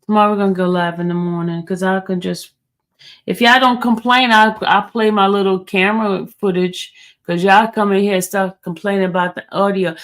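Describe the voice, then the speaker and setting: A woman's voice: on the low side, steady tone, normal speed, creaky, fairly bright tone. A woman hosting a casual livestream, chatty and teasing as she talks straight to her chat and reads their comments. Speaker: livestream host.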